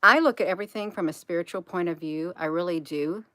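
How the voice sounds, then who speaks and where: A woman's voice: on the low side, quick pace, pushed and bright, dry recording, studio quality. A woman, rambling emphatically to her viewers in a casual livestream. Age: 50s. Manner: rambling, emphatic, addresses viewers as "you all". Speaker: channel host.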